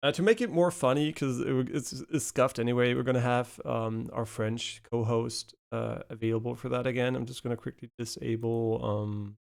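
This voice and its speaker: A man's voice: mid-range voice, steady tone, normal speed, gravelly, hardly any pauses, darkish tone. A man streaming a video game live, chatting casually with many fillers and swear words.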